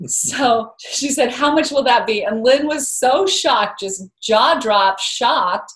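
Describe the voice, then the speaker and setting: A woman's voice: on the high side, animated, slow pace, a bit bright. A woman guest in an interview, talking earnestly and telling a story, often repeating words as she starts a thought. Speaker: guest author. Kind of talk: interview conversation.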